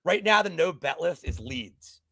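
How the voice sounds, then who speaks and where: Excitable gravelly man talking sports bets. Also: fairly high pitch, a little slow, no room sound, clean studio sound. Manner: profane, excitable, swings between loud outbursts and mumbling. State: recovering from a cold. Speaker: co-host. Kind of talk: casual sports betting chat.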